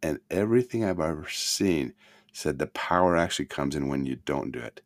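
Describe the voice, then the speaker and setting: Deep-voiced man giving an expressive motivational talk. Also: moderate pace. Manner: expressive, swings between loud emphasis and soft murmurs. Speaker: self-help teacher.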